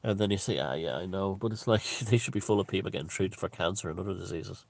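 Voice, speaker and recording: A man's voice: sits low, fast talker, gravelly, a little mellow. A man hosting his own video channel, talking in a rambling, profane off-the-cuff monologue with frequent restarts.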